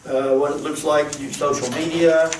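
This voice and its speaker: A man's voice: on the high side, little pitch movement, normal speed. A man, a pastor, leading a group planning discussion in an earnest, casual teaching manner, repeating himself as he thinks. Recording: roomy, distant mic, faint noise.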